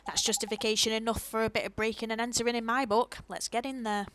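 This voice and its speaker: A woman's voice: a little high, flat delivery, fast talker, a bit bright, no echo, close to an everyday voice. A woman voicing a cheeky, slangy little male fairy sidekick in a video game, with a brash, blunt manner. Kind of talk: reading game dialogue in voices.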